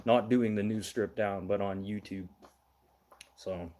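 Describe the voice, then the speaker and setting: A man's voice: fairly low pitch, fairly even intonation, measured pace, mellow. Blunt ranting man streaming. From Manitoba, Canada. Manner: blunt, ranting, swears, thinks aloud. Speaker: livestream news host. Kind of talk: casual livestream commentary.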